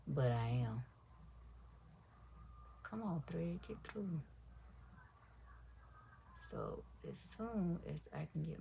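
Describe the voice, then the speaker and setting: Soft-spoken low-voiced woman crafting live. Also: vocal fry, slight background noise. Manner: talks low and soft on purpose; chatty, addresses viewers as y'all and baby. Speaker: livestream crafter. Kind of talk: casual livestream chat while sewing.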